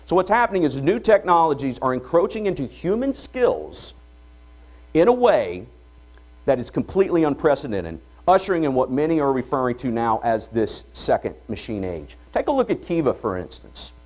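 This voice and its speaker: A middle-aged man giving an emphatic, folksy motivational keynote talk at a conference, pushing loud then dropping quiet. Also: medium pitch, sing-song, moderate pace. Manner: emphatic, folksy, swings between loud pushes and quiet drops. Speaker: conference speaker.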